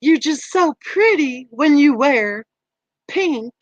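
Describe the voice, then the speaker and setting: Lady doing a high sugary southern belle, slow drawl, backhanded sweet, dull lo-fi sound. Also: animated, no room sound. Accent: put-on American Southern drawl. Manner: slow, drawn-out, sweetly insincere.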